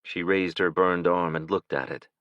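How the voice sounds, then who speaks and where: A man narrating an audiobook in a steady, measured way. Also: deep voice, no room sound. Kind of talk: scripted narration. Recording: dull, dry lo-fi recording.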